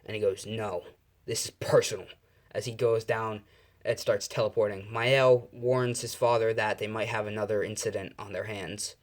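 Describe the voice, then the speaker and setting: A man's voice: fairly low pitch, fairly even intonation, normal speed. A man telling an improvised fan-fiction story in a casual, rambling way, full of fillers and self-corrections.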